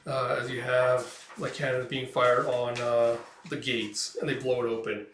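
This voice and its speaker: A man's voice: medium pitch, little pitch movement, measured pace, a bit bright, reverberant, far from the mic, a little hiss or hum. A man casually recapping a comic book page by page, rambling with lots of filler words. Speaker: comic reviewer. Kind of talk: casual comic read-through commentary.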